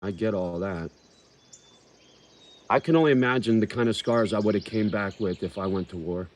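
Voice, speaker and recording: A man's voice: on the low side, darkish tone. A man hosting a livestream, chatting casually with viewers in a profane, rambling and heartfelt way. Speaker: livestream host.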